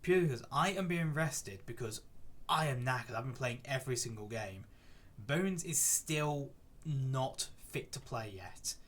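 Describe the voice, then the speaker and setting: A man's voice: medium pitch, lively intonation, unhurried, a bit bright. Chatty man commentating gameplay. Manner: chatty, gets exasperated and ranting at poor play. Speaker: gaming YouTuber.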